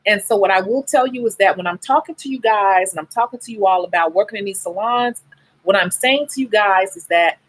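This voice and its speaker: In a candid livestream, a worn-out, sleep-deprived woman who does nails and makes beauty videos talks to her viewers with blunt emotion. She has a medium pitch and a fairly quick pace, captured on a rough recording.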